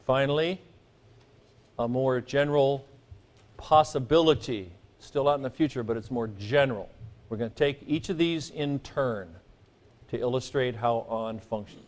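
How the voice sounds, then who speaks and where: A middle-aged man teaching a Greek grammar class, lecturing in a chatty way with joking asides and frequent checks with his students. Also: medium pitch.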